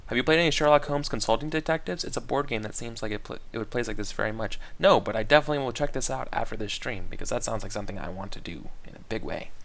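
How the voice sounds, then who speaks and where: A man's voice: mid-range voice, fast, creaky, few pauses, a bit bright. Playful male game streamer. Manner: playful, laughs often. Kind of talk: casual live-stream commentary.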